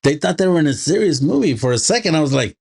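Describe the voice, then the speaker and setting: A man's voice: a little high, sing-song, fast, vocal fry, a little mellow, husky. A man co-hosting a podcast, chiming in laid-back and agreeing during a casual movie review, swearing freely. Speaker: podcast co-host.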